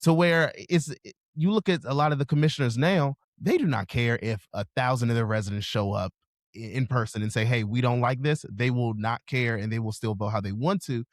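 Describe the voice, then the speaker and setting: A man hosting a podcast, talking politics in a measured, conversational way and weighing both sides. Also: mid-range voice, no room sound, studio quality. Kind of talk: casual political discussion.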